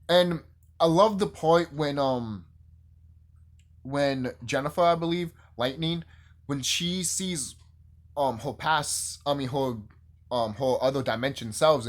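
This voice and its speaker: A man casually reviewing a TV show on his channel, excitable and profane, rambling and gushing. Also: a little high. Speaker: YouTube reviewer.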